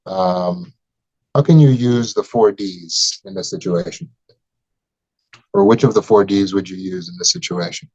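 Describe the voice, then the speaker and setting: Casting: low-pitched man, recovery coach, talky teaching style, dry close sound. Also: a little slow, a little mellow, dry recording, lo-fi sound. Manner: conversational, acts out quoted voices with high pitch jumps.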